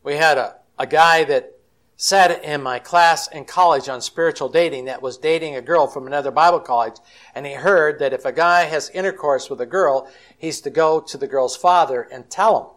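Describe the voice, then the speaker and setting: A man's voice: a little high, normal speed, a bit bright. Guy telling counseling stories at a conference, folksy and chatty, acts out the quotes. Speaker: Christian counselor and conference speaker. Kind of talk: storytelling conference talk.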